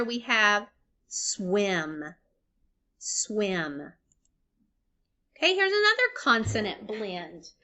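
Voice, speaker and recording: In a fairly high, bright and forceful voice, a young woman teacher leads a recorded phonics lesson for young kids, encouraging them while she clearly breaks words down into sounds and syllables.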